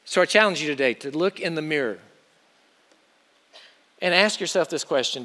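High, bright preacher in a long-echo hall. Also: male voice, lively intonation, normal speed, pauses often. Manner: urgent exhortation, swinging between loud pushes and quiet asides. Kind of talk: sermon.

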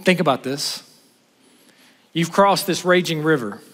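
A man's voice: on the high side, a little slow, fairly bright tone. Preaching man in a reverberant hall. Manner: preaching with rising intensity and conversational asides. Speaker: pastor. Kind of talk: sermon.

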